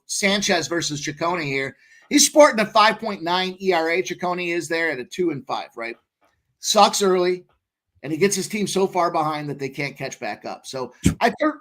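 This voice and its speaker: Male co-host, higher voice, brash, cursing, hyped betting talk. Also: fairly bright tone. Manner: brash, profane, hyped and boastful. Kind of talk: casual sports betting chat.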